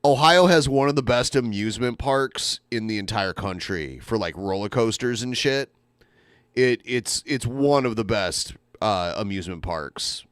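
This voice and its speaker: A man co-hosting a casual live stream podcast, talking in animated, jokey rants and swearing freely. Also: medium pitch, measured pace, smooth, dry recording, clean studio sound. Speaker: podcast co-host.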